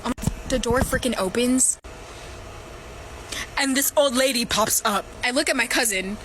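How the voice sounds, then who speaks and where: A woman with a high, bright voice tells a story with brash energy. She swears freely and keeps it loose and casual. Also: a little slow, a little hiss or hum.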